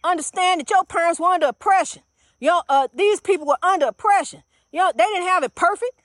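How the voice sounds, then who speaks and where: A woman's voice: very high-pitched, fast, no room sound, studio quality. An older woman minister preaching fervently, repeating herself and calling her listeners honey. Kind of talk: inspirational preaching monologue.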